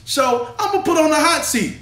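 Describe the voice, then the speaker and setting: A man's voice: very high-pitched, lively intonation, moderate pace, a bit bright, reverberant. A man hosting a casual couch chat, teasing and talking over his guest. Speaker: host.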